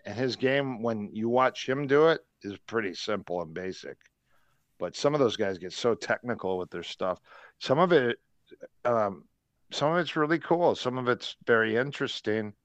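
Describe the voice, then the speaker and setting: A man's voice: fairly low pitch, no room sound. An older man, a martial arts coach, telling rambling anecdotes with frequent restarts as a podcast guest. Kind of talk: casual podcast chat, storytelling.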